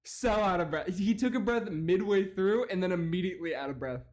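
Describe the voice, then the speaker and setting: Young male reactor: foul-mouthed, mocking, fast rants, slightly high voice. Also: darkish tone. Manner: profane, mocking, rapid-fire rants. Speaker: reaction commentator. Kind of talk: casual reaction commentary.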